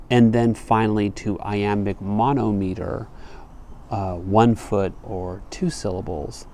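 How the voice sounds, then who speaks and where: A man giving a poetry lecture, explaining meter and reading verse aloud with slow, careful scansion. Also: lowish voice, creaky, warm tone, a little hiss or hum. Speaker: literature lecturer.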